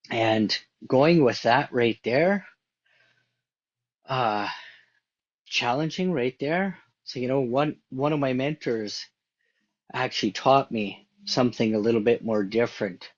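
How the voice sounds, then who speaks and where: A man's voice: mid-range voice, lo-fi sound. A man giving an earnest, conversational motivational talk, repeating his points as he goes. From Canada. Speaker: motivational speaker.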